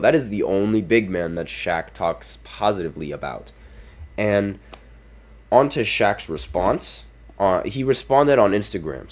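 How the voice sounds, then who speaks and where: A man hosting a basketball podcast, giving opinionated casual commentary and reading quotes aloud. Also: on the low side. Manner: opinionated, reads quotes aloud, apologetic asides. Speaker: podcast host.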